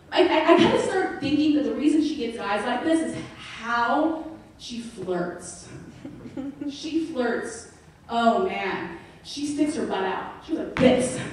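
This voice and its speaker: A young woman performs stand-up on a club stage, her voice a little high. She tells animated stories and acts out quotes. The sound is very echoey and caught from far across the room. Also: slight background noise. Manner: animated storytelling with acted-out quotes. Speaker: stand-up comedian. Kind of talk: stand-up comedy set. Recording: echoey venue heard from far off.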